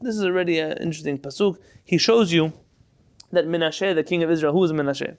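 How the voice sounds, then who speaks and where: A man's voice: on the high side, fast, a little mellow, clear, resonant tone. A man teaching a Torah class, reading Hebrew text aloud, translating it line by line into English and quizzing his students.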